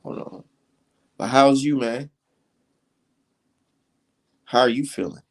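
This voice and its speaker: A man hosting a casual live stream, talking fight talk in loose slang and getting animated as he rants. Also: takes it slowly, vocal fry. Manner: animated, slangy, swings high when mocking critics. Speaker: livestream host.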